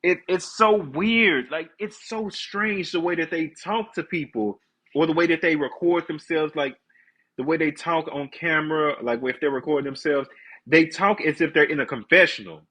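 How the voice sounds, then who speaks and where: A man's voice: fairly high pitch, moderate pace, a bit bright, rough recording. A man with a congested voice, chatting candidly and ranting to viewers on a casual live stream.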